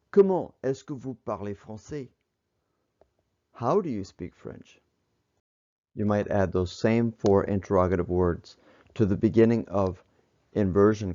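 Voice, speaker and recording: A deep, mellow male voice that moves at an unhurried pace, explaining French grammar step by step in a measured teaching manner. The recording is slightly muffled and lo-fi. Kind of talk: instructional narration.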